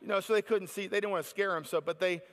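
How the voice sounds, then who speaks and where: A middle-aged American man telling a lively story at a faith conference, acting out the excited voices of the people in it. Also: sits high, quick pace, in a large hall. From United States. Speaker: conference speaker. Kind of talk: storytelling sermon.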